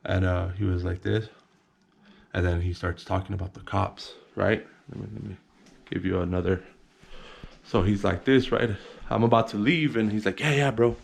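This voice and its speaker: A man's voice: deep voice, steady tone, moderate pace, vocal fry. A man casually telling a personal story to the camera, rambling and repeating words, sometimes acting out other people in a whisper.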